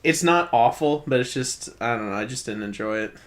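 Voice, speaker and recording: A man's voice: mid-range voice, brisk. A young man, co-hosting a casual podcast and laughing often as he retells scenes. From Wisconsin, USA. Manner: laughs often, lively retelling with quoted voices. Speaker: podcast co-host.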